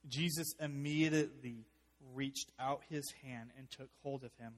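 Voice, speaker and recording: A man preaching a sermon as pastor, animated, with joking asides, swinging from loud to hushed. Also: medium pitch, unhurried, big-room sound.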